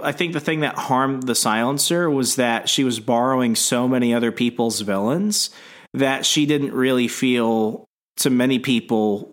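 A man co-hosting a casual podcast, speaking thoughtfully about comics and pausing often as he sorts through his thoughts. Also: medium pitch, fairly bright tone. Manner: thoughtful, lots of fillers, restarts. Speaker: podcast co-host. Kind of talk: casual chat.

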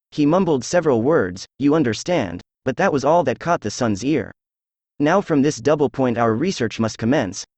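A synthesized male voice reading the lines of a confident, precise male detective in an even, measured way. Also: mid-range voice, no echo.

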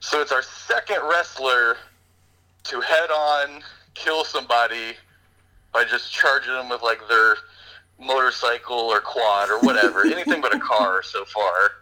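A man's voice: mid-range voice, a little slow, poor audio. A man co-hosting a podcast, casually retelling a movie plot with lots of fillers. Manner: rambling, animated retelling with fillers. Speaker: podcast co-host reviewing a movie. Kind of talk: casual chat.

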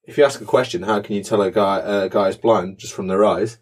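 A man's voice: lowish voice, fairly quick. A young man co-hosting a casual podcast chat, dry and sarcastic, swearing now and then. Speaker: podcast co-host.

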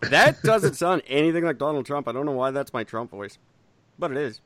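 This podcast co-host rants bluntly at a fairly quick clip, cursing liberally and swinging his pitch with animation during casual conversation. There's no room sound.

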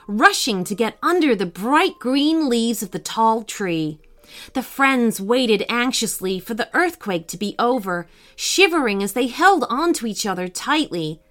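A woman reads a children's story aloud, slow and expressive, with a bright, lively voice. Soft music plays faintly behind her. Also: fairly high pitch. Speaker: narrator.

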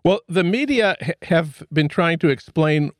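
A male radio host from Minnesota, asking questions in a wry, measured way. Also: fairly high pitch, animated, no room sound, studio quality. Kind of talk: radio interview.

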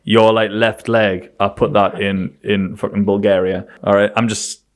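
A man's voice: lowish voice, level tone, measured pace. A young man, rambling and joking with many fillers in a casual chat.

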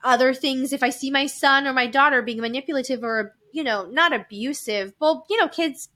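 Bright-voiced, frank woman guest. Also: sits high. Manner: frank and animated, with quick laughs and reenacted quotes. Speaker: podcast guest. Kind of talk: candid conversational storytelling.

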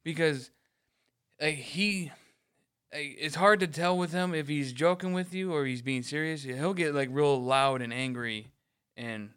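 A man's voice: fairly high pitch, unhurried, fairly bright tone, clear, resonant tone. A man telling a rambling workplace story in casual chat, swearing freely and acting out what others said. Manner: mimics others in quoted lines. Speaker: podcast co-host.

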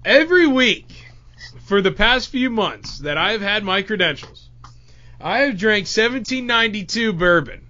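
A man hosting a podcast in casual banter, loud and teasing. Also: high-pitched, big pitch swings, unhurried. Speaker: podcast host. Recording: dull lo-fi podcast audio.

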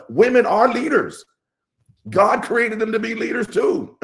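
Man, middle-aged, podcast guest, animated, laughs a lot, lively pitch. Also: slow pace, creaky. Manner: animated, laughs often, jumps high when excited. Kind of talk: casual chat.

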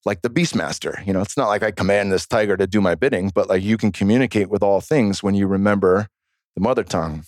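A man guest on a podcast, telling stories in a casual, animated, profane way. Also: on the low side, quick pace, no echo, studio quality. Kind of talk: casual storytelling chat.

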